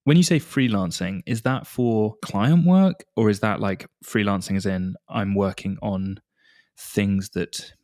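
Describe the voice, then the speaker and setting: A man's voice: fairly low pitch, a little mellow, no room sound, studio quality. A man hosting a podcast interview, asking long, rambling questions in a chatty way with lots of fillers. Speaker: podcast host. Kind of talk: casual interview chat.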